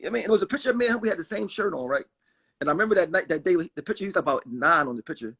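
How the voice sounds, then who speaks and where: A man in his forties from Philadelphia with a high, gravelly, husky voice. He talks fast and restarts his sentences often, pressing his points home emphatically. He rambles through candid personal stories in a seated interview. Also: animated, fairly bright tone. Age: 40s. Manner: rambling, emphatic, frequent restarts and "you know what I mean". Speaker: guest rapper.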